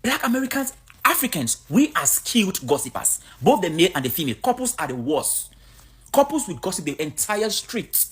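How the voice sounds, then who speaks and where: Blunt, animated woman vlogger. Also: medium pitch, a little fast, breathy edge. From Cameroon. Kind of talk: opinionated vlog monologue.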